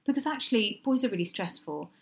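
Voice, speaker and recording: A woman's voice: medium pitch, lively intonation, quick pace, a little hiss or hum. A chatty woman in her thirties, talking casually on a podcast. She tells stories with animation, slipping in quoted voices. Her voice sits in a middle register. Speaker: podcast co-host. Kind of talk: casual chat.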